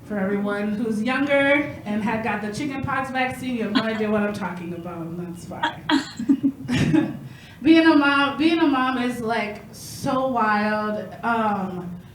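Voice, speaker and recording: A woman in her thirties with a high voice performs a stand-up set, chatty and self-mocking, and she laughs at her own punchlines. The room sounds echoey, with a faint hiss underneath. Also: measured pace. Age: 30s. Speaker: stand-up comedian.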